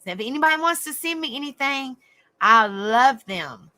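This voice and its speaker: A woman's voice: sits high, expressive, normal speed, sharp tone. A young woman with a Southern US accent, from South Carolina and raised in Tennessee, chatting with livestream viewers and calling them honey and darling. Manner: chatty, endearing terms like honey and darling, frequent restarts. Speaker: livestream host. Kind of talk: casual live chat with viewers.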